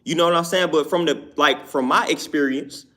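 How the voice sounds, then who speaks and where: At a moderate pace, a man with a fairly high, fairly bright voice talks casually through his opinions as a YouTube commentator on his own show. He's emphatic and repetitive, regularly asking "you know what I'm saying."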